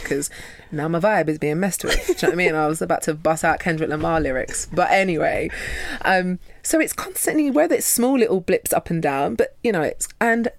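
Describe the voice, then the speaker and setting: A woman's voice: lowish voice, slight background noise. A woman from London, a yoga teacher guesting on a podcast, talking casually and playfully acting out her inner voice.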